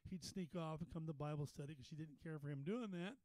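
A man's voice: fairly high pitch, fast talker, a little mellow, dry recording, poor audio. A man preaching at a Bible study, telling a story in a folksy way with repeated words, rising into fervent preaching. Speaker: pastor. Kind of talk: storytelling sermon. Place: Bible study meeting room.

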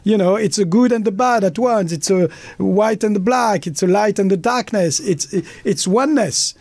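A man's voice: high voice, moderate pace, vocal fry, a little mellow, no echo. A man with a French accent, speaking as a guest in a passionate, blunt way. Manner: emphatic, blunt, acts out quoted voices. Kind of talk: passionate conversation.

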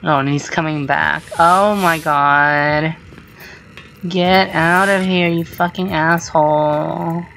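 A woman commenting on her own gameplay, excitable and swearing, with startled shrieks. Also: low-pitched, takes it slowly, vocal fry, a little hiss or hum, poor audio. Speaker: gamer. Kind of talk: let's play commentary.

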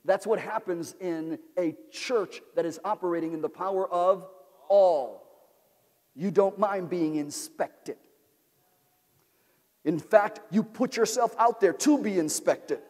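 A pastor preaches to his congregation in a high, ringing voice, repeating phrases and calling for amens as he builds to shouts. The sound carries a long reverb from the large church sanctuary where he stands. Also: slow pace. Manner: call-and-response preaching, repetitive, rising to shouts. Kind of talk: sermon.

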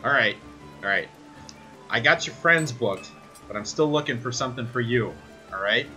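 A man voicing a gruff, cranky male fight promoter who grumbles and curses impatiently, with music behind. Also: mid-range voice, animated, normal speed, bright, forceful tone. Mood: grumpy. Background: background music.

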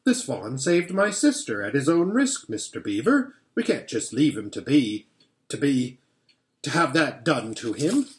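A man's voice: medium pitch, sing-song, a little slow. A man reading aloud who voices an impulsive, brave boy, flustered and stumbling over his words.

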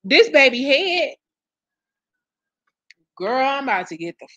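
Blunt, bright-voiced woman vlogger. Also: sits high, sing-song, slow, no echo, highs cut off. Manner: blunt, profane and exasperated. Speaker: commentary channel host. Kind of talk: casual gossip commentary to viewers.

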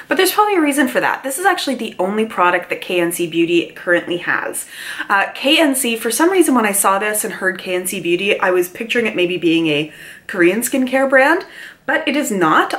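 A chatty woman talks to the camera from home, reviewing a beauty product. She reads the details aloud, adds playful asides and lets her pitch jump around. Her voice carries a mild cold. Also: a bit bright. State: mild cold, mouth breathing. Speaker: beauty vlogger.

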